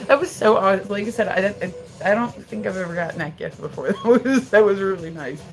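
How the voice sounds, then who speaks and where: A woman's voice: medium pitch, fairly quick, soft background music, low-quality recording. A middle-aged woman chatting casually on a livestream, rambling and swearing as she answers viewer comments. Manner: rambling, profane storytelling. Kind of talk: casual live-stream chat.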